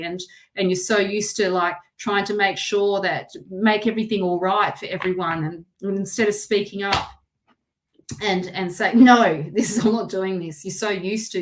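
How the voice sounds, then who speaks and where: A woman's voice: medium pitch, noisy background. A woman with an Australian accent giving a live tarot reading, chatty and rambling, with lots of restarts. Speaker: tarot reader.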